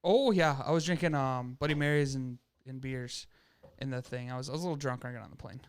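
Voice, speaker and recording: A young man with an Upper Midwest American accent, co-hosting a podcast and telling a story in casual chat, animated and full of swearing. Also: mid-range voice, fast talker, clean tone. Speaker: podcast co-host.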